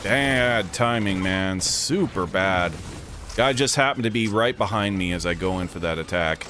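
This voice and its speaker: A man's voice: low voice, a little slow, background noise. A man telling a loose, profane story in a casual vlog, full of "like" and "dude", sitting inside a vehicle. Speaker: vlogger. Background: music playing.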